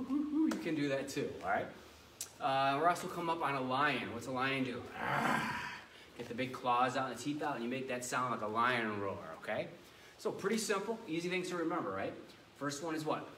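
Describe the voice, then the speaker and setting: A man's voice: medium pitch, animated, brisk, sharp tone, slight background noise. A male martial arts instructor leading a children's class with commanding, playful energy. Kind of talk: kids' karate class instruction. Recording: echoey room heard from a distance.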